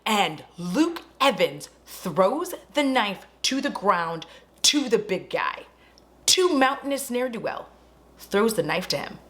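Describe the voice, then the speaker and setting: A woman's voice: mid-range voice, slow. A woman vlogger at home, retelling a horror movie in a casual, profane way with chatty asides to her viewers. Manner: animated, swears freely, chatty asides to viewers.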